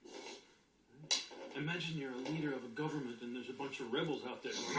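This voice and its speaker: Animated, emphatic spiritual teacher in a roomy space. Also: medium pitch, normal speed, long pauses, slight background noise. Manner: emphatic, animated, acts out inner voices with sudden shouts. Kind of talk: motivational talk to an audience. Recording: roomy echo with faint ambience.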